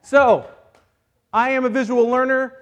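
A man preaching a sermon as a pastor, playful and energetic, joking with volunteers while acting out a Bible story. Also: very high-pitched, unhurried. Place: church service.

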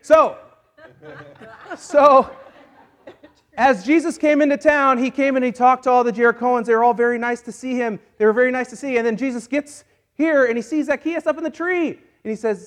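High-voiced playful male pastor. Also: brisk. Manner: playful, joking, energetic. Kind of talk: sermon with acted-out Bible story. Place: church service.

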